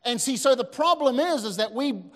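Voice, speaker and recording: A man, preaching a sermon as a pastor, telling lively stories with asides to the congregation. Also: extremely high pitch, moderate pace. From New Zealand. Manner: animated storytelling with asides to the audience. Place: church hall. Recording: long hall reverb.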